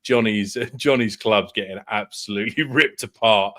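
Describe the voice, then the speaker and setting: Male co-host, lower pitch, measured delivery, easy banter. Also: sharp tone. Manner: measured, laughs and swears in banter. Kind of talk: casual football chat.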